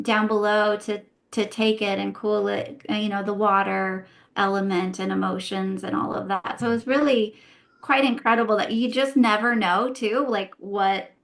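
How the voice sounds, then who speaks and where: A woman's voice: medium pitch, a bit bright. A woman who is a guest and former therapist, explaining her views in a casual podcast conversation, posing rhetorical questions to herself. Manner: explanatory, asks herself rhetorical questions, often tags "right?".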